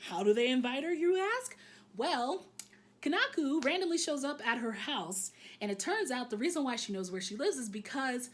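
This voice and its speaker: A woman's voice: high voice, lively intonation, moderate pace. Woman doing a chatty anime recap, swears a lot, lots of um's, voice jumps around a ton. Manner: candid, joking, frequently swearing, lots of "um". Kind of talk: casual, chatty episode recap.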